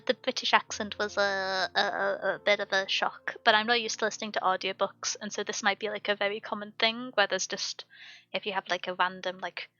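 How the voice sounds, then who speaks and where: Stream host, woman, bright tone, chatty and hesitant, full of fillers, lo-fi audio with soft music behind. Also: mid-range voice. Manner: rambling, hesitant, many fillers and restarts. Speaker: book club streamer. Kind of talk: casual chat.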